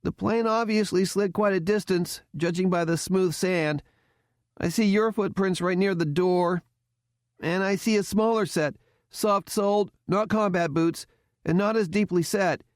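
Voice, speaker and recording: A man's voice: high-pitched, a little slow, no room sound, clean studio sound, pitched above the performer's own voice. A man voicing a young, earnest male cadet who stammers and grows anxious. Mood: hesitant. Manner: stammering, anxious, rising into panic.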